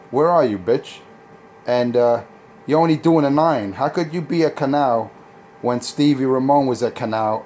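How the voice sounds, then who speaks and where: Man, CB radio trash talk, boastful, mocking, mid-pitched voice, faint hiss. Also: warm tone. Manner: boastful, taunting and insulting. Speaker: CB radio operator.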